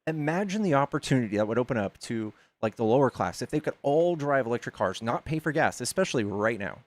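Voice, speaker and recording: A man's voice: mid-range voice, animated, quick pace, no room sound. Argumentative man hosting a debate. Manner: reasoned, argumentative, many filler likes. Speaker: debate stream host. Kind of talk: casual debate.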